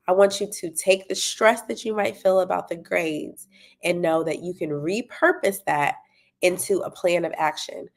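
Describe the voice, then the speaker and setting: Gravelly-voiced woman coaching parents. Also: mid-range voice, fairly even intonation, moderate pace. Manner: encouraging, checks in with listeners often. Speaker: parenting coach and tutoring business owner. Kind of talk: talk to parents, promoting an event.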